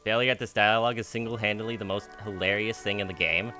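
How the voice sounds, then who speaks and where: This live game streamer has a lowish voice and a steady tone, talking fast over music. Between reading the dialogue aloud, he cracks jokes, laughs often and swears without holding back.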